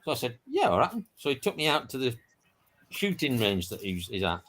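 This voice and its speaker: A man's voice: medium pitch, expressive, fairly quick, a bit bright. A man trading jokes and telling a long anecdote in casual banter with friends.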